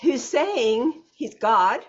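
A woman's voice: fairly high pitch, very animated, drawn-out words, breathy edge. A woman hosting an interview, encouraging her guest with frequent short responses, on dull lo-fi audio. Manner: encouraging, backchannels often. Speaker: interview host.

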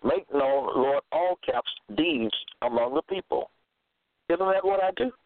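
Reading scripture out loud and then interpreting it, a self-styled religious teacher repeats key phrases to stress them. His voice is fairly high, animated, and unhurried. The thin, phone-like dry recording also carries background noise.

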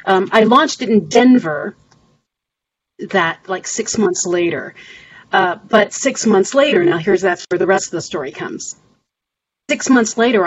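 Middle-aged woman telling her story earnestly. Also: mid-range voice. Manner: earnest, animated retelling with quoted voices. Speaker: guest. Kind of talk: podcast interview storytelling. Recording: slightly dull audio with faint hiss.

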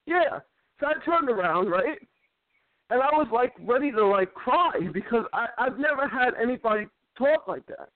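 Man, high voice, rambling storyteller who stammers and repeats words, on a dry, tinny phone-quality line. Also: expressive, moderate pace, no echo. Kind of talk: casual chat.

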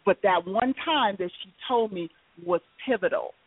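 A woman's voice: medium pitch, moderate pace, slightly rough, dry recording. A woman co-hosts a talk radio show and speaks emphatically, with a preacherly weight on her words. The sound is dry, with no room around it. It comes through a narrow, phone-like line. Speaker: radio co-host.

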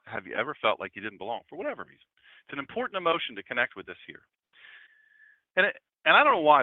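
This man in his fifties is a pastor talking with his congregation in a church room during a relaxed, conversational sermon. He speaks in a mid-range voice, and the dry recording has a thin, phone-like quality.

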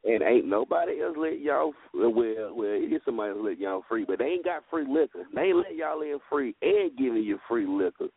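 A man's voice: mid-range voice, animated, brisk, hardly any pauses. A man co-hosting a radio show, brash and profane, teasing the others. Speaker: radio co-host. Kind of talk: casual radio banter. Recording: tinny phone-like audio with faint music.

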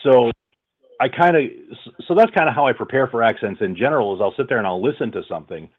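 A man's voice: medium pitch, lively intonation, quick pace, breathy edge. A man who works as a voice-over artist, talking casually in an interview with many fillers and restarts. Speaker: voice-over artist, audiobook narrator. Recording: tinny phone-like line.

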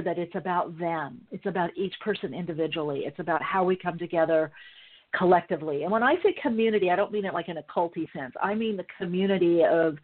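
A woman hosting a spiritual podcast, talking in an effusive, gushing way with plenty of fillers. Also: mid-range voice. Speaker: podcast host. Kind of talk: casual podcast talk. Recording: tinny phone-like line.

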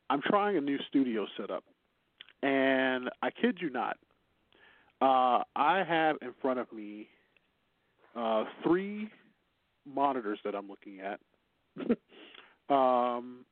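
A man with a mid-range voice and no room sound hosts an internet radio show carried over a phone line. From Chicago and speaking with a Chicago accent, he trades casual banter, rambles, and laughs often.

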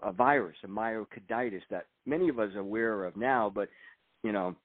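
A man's voice: fairly low pitch, no echo. An older man, a retired agent and author, speaking reflectively in an interview and reading aloud from his book. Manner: soft-spoken, reflective, halting restarts. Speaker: guest author. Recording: tinny dry phone-like line.

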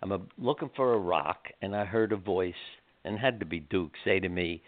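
An older man, a guest author, telling heartfelt stories in an animated, rambling way with many restarts, heard over a phone line. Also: low-pitched, normal speed, hardly any pauses, dry recording. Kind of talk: storytelling interview.

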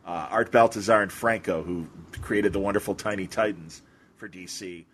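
A man's voice: low-pitched, fairly even intonation, moderate pace, fairly bright tone, slight background noise. A male podcast host who talks casually and eagerly, rambling with many restarts. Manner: enthusiastic, rambling, lots of restarts and fillers.

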